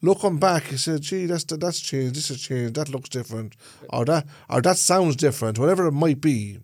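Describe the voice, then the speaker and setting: A man's voice: on the high side, moderate pace, darkish tone, no room sound. Middle-aged Irish Traveller man, co-host, rambling chat, dry close sound. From Ireland. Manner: rambling, keeps checking he is understood. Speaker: podcast co-host. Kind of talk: casual chat.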